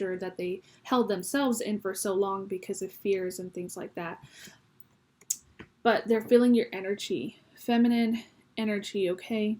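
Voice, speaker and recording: Chatty woman tarot reader at a middle pitch, talking casually to her viewers. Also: darkish tone. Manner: chatty, reads card words aloud, frequent ums. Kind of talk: casual tarot reading to camera.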